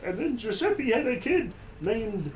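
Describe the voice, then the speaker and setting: A man doing a high, bragging sitcom-comic impression. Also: sing-song, a little slow, a crowd in the background, exaggerated voice. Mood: joking. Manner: jokey, rambling, boastful. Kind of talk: comedic impression.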